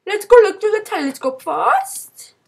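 A woman's voice: extremely high pitch, very animated, measured pace, gravelly, darkish tone. A young woman playing a game with a friend, in silly, dramatic, exclaiming commentary. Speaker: gamer.

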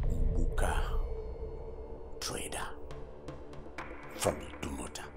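A stern, gravelly Nigerian father. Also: a bass voice, heavily acted. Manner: slow, measured, scornful pronouncements. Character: stern wealthy father, older man, proud and contemptuous. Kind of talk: Nollywood film acting. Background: film score music.

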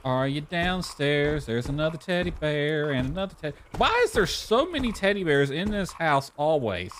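A man's voice: a little high, big pitch swings, moderate pace, fairly bright tone, slight background noise. A man streaming a game live, chattering to himself, calling out playfully and now and then singing in a mock-sad voice. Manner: playful, talks to himself, sings and calls out in a mock-plaintive voice. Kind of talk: live gameplay commentary.

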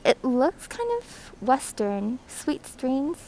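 Brief: woman streamer, high and unhurried, chatty, breathing hard behind a mask, phone mic, faint background hum. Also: low-quality recording. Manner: chatty, reads chat aloud, greets viewers excitedly. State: breathing heavily through a thick mask. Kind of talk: casual live stream chat. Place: airport terminal, indoors. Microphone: phone held by hand.

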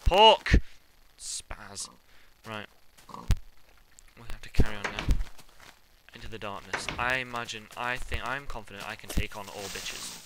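A young man giving jokey commentary over his own game play, breaking into panicked yelling when things go wrong. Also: fairly low pitch, fairly quick. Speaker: let's play gamer. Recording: loud background noise.

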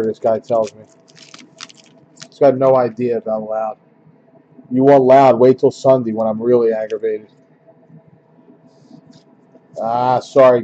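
A man's voice: mid-range voice, warm tone, muffled recording. A man hosting a casual card-opening break, grumbling and joking with his viewers.

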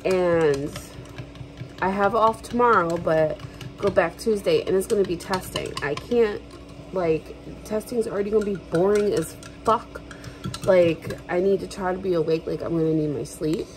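A woman's voice: on the low side, moderate pace, a little mellow, slight background noise, rough recording. A young adult woman telling a frustrated, swear-filled story to her camera in a casual vlog. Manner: ranting, swears freely, lots of fillers. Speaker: vlogger.

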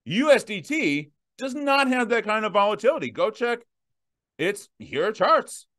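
A man in his thirties hosting a viewer Q&A, emphatic and direct, slowing down to stress his points. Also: high voice, very animated, a bit bright. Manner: emphatic, punchy repetitions, slows down to stress points. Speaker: host answering viewer questions. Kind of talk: direct-to-camera Q&A.

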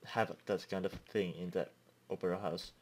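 A man's voice: low voice, little pitch movement, normal speed, slight background noise. A young man giving casual gameplay commentary, chatting and laughing at his own slips of the tongue. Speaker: let's play host.

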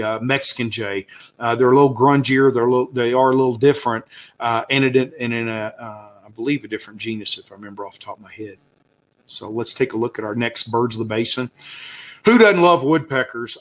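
A man's voice: mid-range voice, fairly bright tone. A man with a Southern US accent gives a casual slide talk as a birding guide, enthusiastic and rambling, with many fillers and restarts. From Southern United States.

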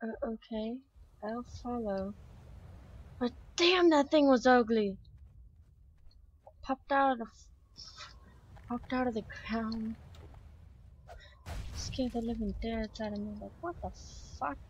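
A young woman commenting on her own gameplay, excitable and chatty, shrieking when startled. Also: on the high side, takes it slowly, pauses often, muffled recording, slight background noise. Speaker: gamer. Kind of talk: let's play commentary.

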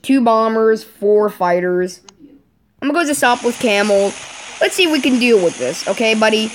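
A woman's voice: on the high side, expressive, moderate pace. A woman giving casual let's-play commentary, thinking aloud in a rambling way, with fillers and sudden exclamations. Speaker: gamer playing a strategy game.

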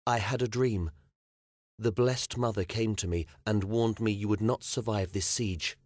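A man's voice: on the low side, a little slow, a little mellow, no room sound, clean studio sound. A male audiobook narrator voicing a proud, blunt young medieval queen who speaks firmly and plainly. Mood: commanding. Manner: firm, commanding, matter-of-fact. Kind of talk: audiobook character voice.

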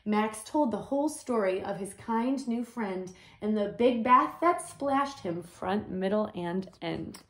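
A woman reading a picture book aloud to children in a gentle voice, stopping to add her own comments. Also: medium pitch, expressive, takes it slowly, few pauses, slight background noise. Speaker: storyteller.

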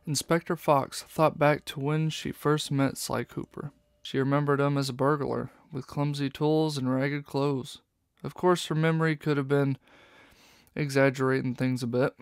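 A man reading an audiobook in steady, even scripted narration. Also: mid-range voice, moderate pace, clean tone, no room sound, studio quality.

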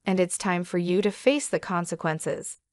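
A woman's voice: on the low side, animated, moderate pace, dry recording, clean studio sound, close to an everyday voice. A woman voicing a fierce mother confronting her husband in a read-aloud story, firm and indignant.

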